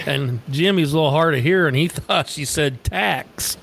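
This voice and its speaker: A man's voice: on the high side, a little fast, fairly bright tone, a little hiss or hum. A man co-hosting a casual podcast, telling crude jokes with a laugh in his voice. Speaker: podcast co-host. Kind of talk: casual chat, joke telling.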